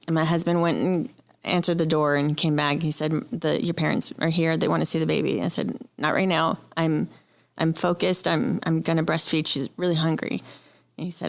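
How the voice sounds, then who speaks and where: A woman with a low voice tells her personal story as a podcast guest. She speaks candidly, and emotion runs close to the surface. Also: steady tone, normal speed, gravelly. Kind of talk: personal interview conversation.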